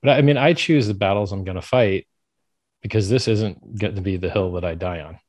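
A blunt man talks as an interview guest, voicing strong opinions in an unhedged way. His voice sits very low, and the recording is dry with no room sound. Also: brisk, darkish tone, no echo. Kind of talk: casual interview talk.

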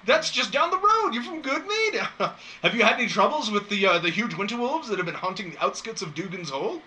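Gushing, flattering tiefling ferryman, voiced by a man, bright lively tone, for a tabletop game. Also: high voice, brisk, a little hiss or hum, voice pushed up, exaggerated voice. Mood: effusive. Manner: flattering, talkative, self-deprecating. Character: friendly effusive male tiefling ferry owner.

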